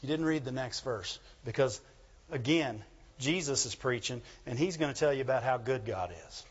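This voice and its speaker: A man preaching a sermon in an animated call-and-response manner, asking the congregation for agreement. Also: mid-range voice, normal speed, breathy edge, dull audio. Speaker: pastor.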